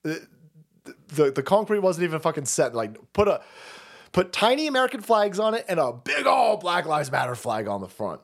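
A man from the San Francisco Bay Area ranting profanely as a streamer, mocking and swinging between muttering and yelling. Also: on the high side, big pitch swings, normal speed, creaky. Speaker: streamer and political commentator. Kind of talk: profane political rant.

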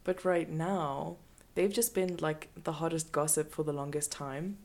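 A woman co-hosting a casual comedy podcast, relaxed and giggly, with lots of small agreeing sounds. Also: deep voice, a little slow. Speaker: podcast co-host.

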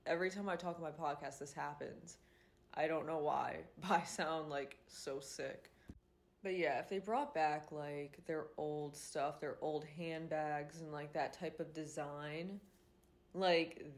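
A woman's voice: sits low, darkish tone. Congested, nasal young woman, rambling chat. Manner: rambling, lots of "like" and "um", swears freely. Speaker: podcast host. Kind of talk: casual chat.

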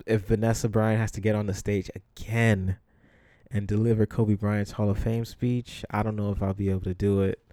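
Low-voiced man hosting a casual podcast. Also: darkish tone, dry recording. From the Bronx, New York. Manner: conversational, frequent ums and you-knows, blunt. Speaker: podcast host. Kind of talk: casual solo podcast commentary.

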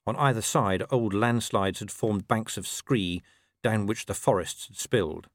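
A man narrating an audiobook in an expressive, wry storytelling manner. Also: on the low side, measured pace, no echo, studio quality. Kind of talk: scripted narration.

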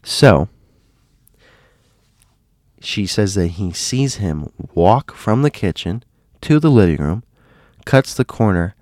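A man's voice: lowish voice, expressive, measured pace, pauses often, darkish tone, no echo, clean studio sound. A man casually retelling a spooky story in a dramatic way, often asking rhetorical questions.

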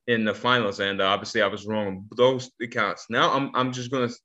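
A man's voice: lowish voice, fairly even intonation, fairly quick, bright, forceful tone. A man co-hosting a casual talk show, explaining his views earnestly with many restarts. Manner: earnest and analytical, with frequent restarts. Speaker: podcast co-host. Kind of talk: casual chat. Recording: dull lo-fi sound.

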